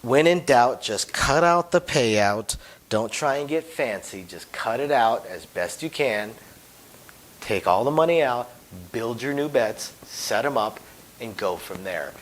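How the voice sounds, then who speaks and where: A man who deals craps, giving an emphatic instructional talk whose phrases often fade to a quiet drop at the end. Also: mid-range voice, animated, measured pace, slight background noise, poor audio. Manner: emphatic, voice drops off at phrase ends.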